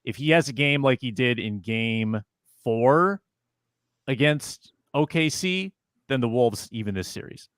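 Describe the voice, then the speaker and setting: A man on a sports roundtable speaks plainly and matter-of-factly at an average pitch. His voice is recorded dry and close. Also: lively intonation, unhurried, a bit bright, clean tone, no echo. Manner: matter-of-fact, reads sponsor plug. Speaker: podcast co-host. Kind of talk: casual sports roundtable chat.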